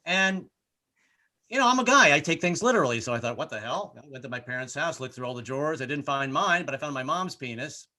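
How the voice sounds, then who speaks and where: A man's voice: medium pitch, animated, fast, hardly any pauses, sharp tone. A man doing a rambling stand-up comedy set, stumbling over his words and repeating himself. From Irish. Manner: rambling, self-interrupting, puts on character voices.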